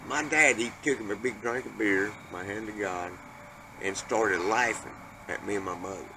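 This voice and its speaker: A man telling a family ghost story in a folksy, profane, animated way. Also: on the low side, normal speed. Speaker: panel storyteller. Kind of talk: casual storytelling. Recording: noisy background hiss.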